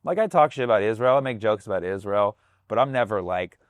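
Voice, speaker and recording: A man's voice: fairly low pitch, lively intonation, fast, no echo, studio quality. A man, a comedian, talking casually on a podcast, loose and profane, slipping into voices to act out other people. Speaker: comedian guest.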